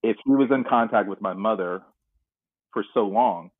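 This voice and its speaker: On a dry, phone-like line, a husky man with a fairly low pitch speaks at normal speed. He's from North Carolina and appears on a podcast, reflecting earnestly on his own story and walking back through scenes from it.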